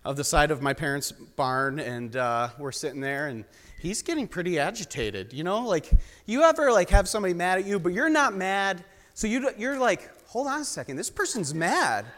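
A young man with a high voice delivers a sermon in a storytelling way, joking with the congregation. His voice rings out with the long reverb of a large church hall. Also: very animated, normal speed, fairly bright tone. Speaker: guest preacher. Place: church sanctuary.

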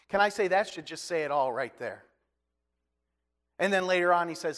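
A man's voice: sits high, lively intonation, moderate pace, long pauses, fairly bright tone, long reverb tail. A man preaching a sermon as a pastor, in a conversational way with folksy asides and self-deprecating humor.

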